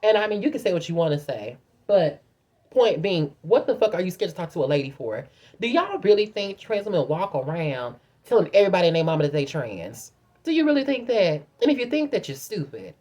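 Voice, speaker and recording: A woman's voice: fairly low pitch, fairly quick. A young adult woman telling a vlog storytime, blunt and profane, acting out other people's lines as she talks. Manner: profane, blunt, animated storytelling with put-on quotes. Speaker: vlogger. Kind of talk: casual storytime rant.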